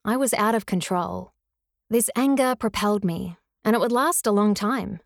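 A woman narrating her own memoir as a former teacher, in a measured, earnest and reflective way. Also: medium pitch, vocal fry, no echo, studio quality. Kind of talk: scripted first-person memoir narration.

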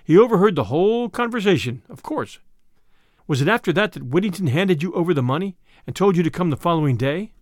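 Man voicing tired older spymaster, grave, measured, expressive pitch, dry close mic. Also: dry recording. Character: weary older male spymaster, calm and grave.

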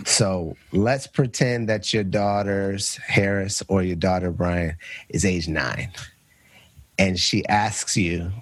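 A man hosts a casual talk show in a relaxed, storytelling way. His voice is mid-pitched with a husky grain. The recording is close and dry. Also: slow pace, no echo. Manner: relaxed storyteller who sets up questions for the others. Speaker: podcast host. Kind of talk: casual chat.

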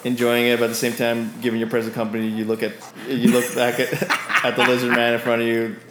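Male game master, mid-pitched, loose filler-heavy narration, roomy echo and faint hum behind. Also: completely flat delivery, quick pace, a bit bright. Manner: loose, rambling, full of fillers. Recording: echoey room with faint ambience.

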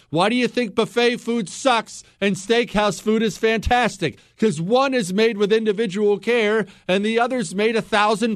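A man's voice: high voice, dry recording, studio quality. A male radio talk show host delivering a combative, sarcastic political monologue and reading listener emails. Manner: reads listener emails aloud.

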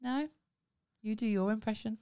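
A woman's voice: fairly high pitch, moderate pace, dark tone, clear, resonant tone. A woman co-hosting a comedy podcast, teasing and giggling in casual banter. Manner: teasing, giggly, does playful impressions.

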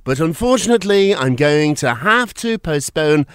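A man's voice: fairly high pitch, lively intonation, moderate pace, smooth, dry recording, clean studio sound. A man with a British accent hosting a gossip podcast in a playful, teasing, theatrical way. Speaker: podcast host. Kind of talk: casual gossip podcast chat.

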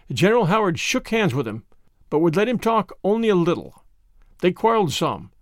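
Man reading a memoir, lively high voice. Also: no echo, studio quality. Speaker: audiobook narrator. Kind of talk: first-person memoir reading.

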